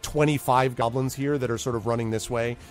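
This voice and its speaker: A man's voice: medium pitch, fairly even intonation, fairly quick, faint music behind. A man narrating a tabletop game as game master, rambling with many fillers as he describes the action.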